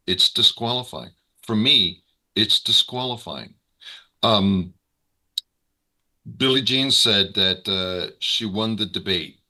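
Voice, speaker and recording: A man co-hosting a political talk stream, speaking in slow, measured phrases. His voice sits on the low side but carries a sharp, bright tone. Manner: slow and deliberate, measured pauses. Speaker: co-host.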